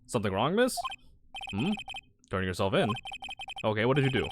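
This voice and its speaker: Dry, suspicious police desk officer, pitched low, a streamer reading him for a game. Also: very animated, fairly quick, heavy background noise, close to an everyday voice.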